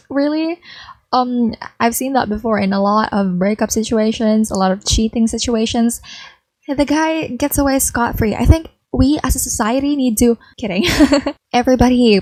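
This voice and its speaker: A woman's voice: fairly high pitch, normal speed, a little mellow, no room sound, rough recording. A young woman narrating a life-sim game in a chatty, gossipy way, full of "like". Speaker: gaming creator. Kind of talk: casual gameplay narration.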